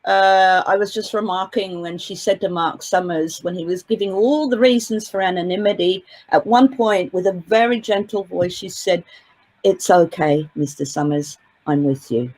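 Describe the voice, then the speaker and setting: Woman, interview guest, mid-pitched voice, long winding sentences, many fillers and restarts, casual. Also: moderate pace, hardly any pauses, darkish tone, rough recording. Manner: hesitant, with frequent fillers. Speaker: guest commentator on a court case.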